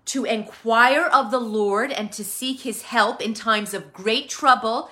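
A woman's voice: on the high side, unhurried, bright, forceful tone. A woman teaching a sermon in a casual, conversational way, with fillers and restarts. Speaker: Bible teacher.

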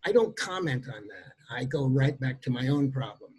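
An older man, a guest on a podcast, thoughtful and reflective in a casual chat with a husky voice. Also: mid-range voice, lively intonation, moderate pace, darkish tone. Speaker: podcast guest, former series actor.

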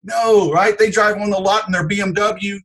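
A man on a podcast talking about selling, acting out lively customer dialogues as he explains. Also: high voice, moderate pace, rough recording. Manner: animated storyteller, acts out customer dialogue. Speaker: sales expert guest. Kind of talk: podcast interview.

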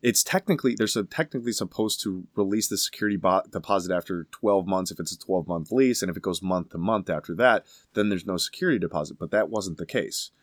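A man casually telling a story with emphatic, animated delivery. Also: deep voice, fast talker, hardly any pauses, no room sound, studio quality.

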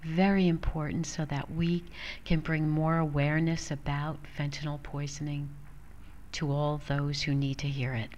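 A woman podcast host reading a calm, measured closing announcement. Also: low-pitched, muffled recording. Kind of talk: scripted episode outro.

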